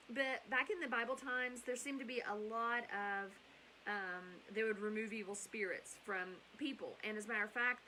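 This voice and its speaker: A woman's voice: fairly high pitch, pushed and bright, a little hiss or hum, rough recording. A middle-aged woman hosting bedtime Bible stories, chatty and rambling, with asides and self-corrections. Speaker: storyteller and host.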